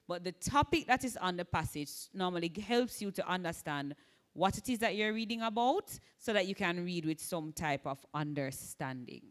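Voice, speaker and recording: A woman with a Jamaican accent giving an exam-prep Spanish lecture, often checking in with "right?" and sounding out Spanish words slowly. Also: medium pitch. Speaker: Spanish teacher.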